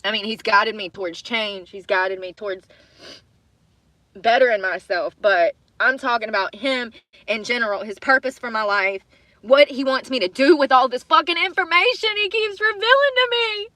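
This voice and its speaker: Bright-voiced woman ranting in anger. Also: on the high side, moderate pace, no room sound. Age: adult with children. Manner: angry, swearing, repeating herself. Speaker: livestreamer. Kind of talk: emotional livestream rant. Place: in her car.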